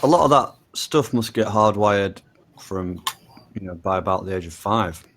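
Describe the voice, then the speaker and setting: A man from the UK in casual chat, halting and repeating words, with casual swearing. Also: on the low side, lively intonation, fairly bright tone, slight background noise. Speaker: conversation partner.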